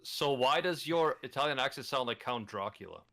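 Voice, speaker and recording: A man's voice: medium pitch, expressive, moderate pace, over a noisy crowd. A man on a casual podcast, ribbing his friends in dry, argumentative banter.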